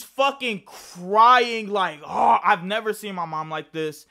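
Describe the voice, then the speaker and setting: Young guy, high and bright, rambling storytime with plenty of swearing. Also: takes it slowly, creaky. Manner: rambling and profane, with frequent restarts. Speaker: vlogger. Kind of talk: casual storytime.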